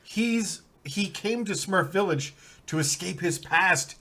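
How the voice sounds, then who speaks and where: A man playing a comedy tabletop game, chatting lively as he recaps the story. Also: sits high, slow pace. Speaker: player. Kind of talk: casual comedy game chat.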